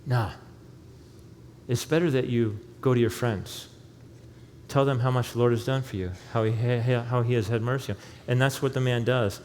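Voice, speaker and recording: A pastor speaks at normal speed with a medium-pitched, darkish voice and fairly even intonation, yet tells his sermon's story with animation and acts out the quotes. The church sanctuary gives long reverb, with faint ambience and a touch of hiss or hum.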